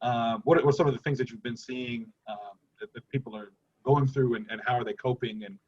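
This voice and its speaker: Man, 30s, from Dallas; self-deprecating moderator, breathy voice, dull lo-fi sound. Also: medium pitch, a little fast. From Dallas, Texas. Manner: rambling and self-deprecating, laughs often, many restarts. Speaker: forum moderator. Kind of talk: panel discussion.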